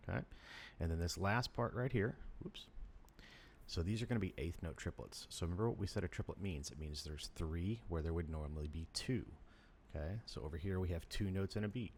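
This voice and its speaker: Deep-voiced man teaching snare drum. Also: fairly quick, a little hiss or hum. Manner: counts rhythms aloud, calls out counts loudly. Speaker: percussion teacher. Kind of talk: instructional lesson.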